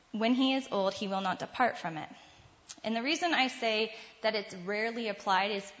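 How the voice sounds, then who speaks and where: An earnest woman speaks to fellow mothers in a devotional talk, her tone conversational and dotted with little laughs. Her voice sits at a medium pitch. It is captured with a slightly muffled sound and a long reverb, as if it is ringing through a large hall. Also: fairly bright tone.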